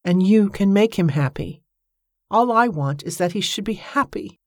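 A woman reading the part of a gentle, wealthy older woman who speaks softly and fondly. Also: mid-range voice, animated, moderate pace, no room sound, clean studio sound, natural voice. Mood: wistful. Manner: soft, fond, motherly.

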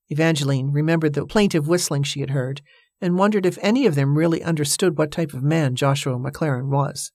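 A woman narrating a novel aloud in a measured, even storytelling manner. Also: deep voice, no echo, studio quality. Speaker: audiobook narrator. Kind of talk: scripted narration.

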